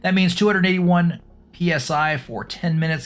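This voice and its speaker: A middle-aged scuba instructor talks casually through a dive review, full of ums and restarts. His voice is on the high side, expressive, brisk and a bit bright, with faint music in the background.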